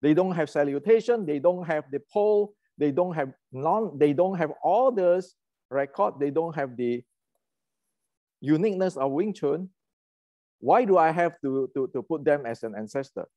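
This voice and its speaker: Guy ranting about history, fairly high voice, dry close sound, lots of uh and restarts. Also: expressive, normal speed, warm tone, dry recording, highs cut off. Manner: heated, ranting, many restarts and fillers. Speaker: martial arts channel host. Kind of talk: casual lecture.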